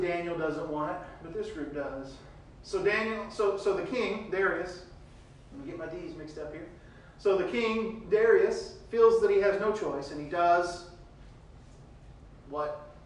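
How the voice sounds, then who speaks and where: A man preaching a sermon, reading scripture verses aloud and retelling them with big swings between loud and quiet. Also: high-pitched, a little slow, heavy reverb, far from the mic, slight background noise, rough recording.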